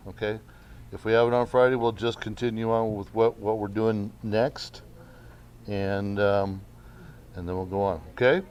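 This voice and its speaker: A man's voice: on the low side, a little mellow. A male teacher giving a class lesson in a casual way, often checking in with "okay". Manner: slow, casual, keeps saying okay. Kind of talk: classroom instruction.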